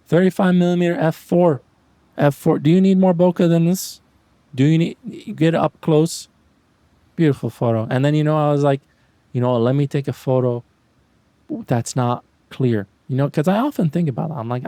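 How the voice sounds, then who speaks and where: A man talks through his photo walk in a loose, joking way, poking fun at himself and playfully daring his viewers. His voice is mellow and relaxed, and it sits close and dry with no room around it. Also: on the high side, moderate pace, no room sound. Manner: rambling, self-mocking, playful mock-taunting. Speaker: street photography vlogger. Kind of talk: casual joking commentary.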